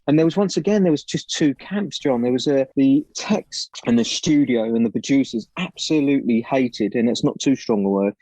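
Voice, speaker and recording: A man, an author being interviewed, telling lively behind-the-scenes anecdotes and often restarting his sentences. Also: mid-range voice, no room sound, low-quality recording. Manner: storytelling, lively, with frequent restarts. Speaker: author and guest.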